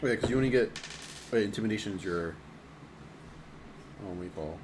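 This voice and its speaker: A man playing at a tabletop game table, talking slowly and hesitantly. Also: lowish voice, background noise. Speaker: player. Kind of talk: casual chat at a game table.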